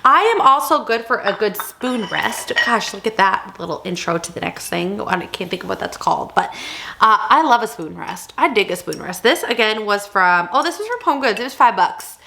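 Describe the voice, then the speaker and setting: Woman, thirties, casual haul vlog, rambling, giggly, medium-pitched voice. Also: lively intonation, moderate pace, gravelly, pushed and bright. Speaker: vlogger showing a haul. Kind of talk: casual chat.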